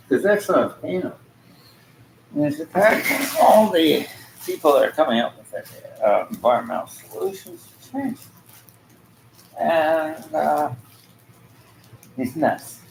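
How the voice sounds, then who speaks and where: A man's voice: on the high side, huge pitch swings, measured pace, creaky, long pauses, a little hiss or hum, low-quality recording. A man giving a rambling casual monologue, trailing off mid-thought and chuckling often.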